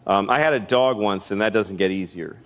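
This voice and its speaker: A man's voice: on the low side, a little fast. A man doing stand-up comedy and talk show chat, telling crude, blunt, self-mocking stories.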